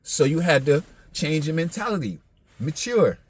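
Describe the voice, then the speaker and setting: A man's voice: on the high side, sing-song, moderate pace, breathy edge. A man, talking in a casual, blunt, profane monologue full of street slang. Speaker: podcast host.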